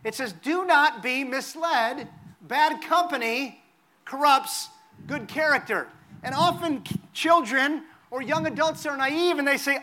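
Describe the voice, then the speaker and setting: High, bright-voiced male pastor preaching. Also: unhurried. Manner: earnest, conversational preaching with emphatic repeated phrases. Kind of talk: sermon.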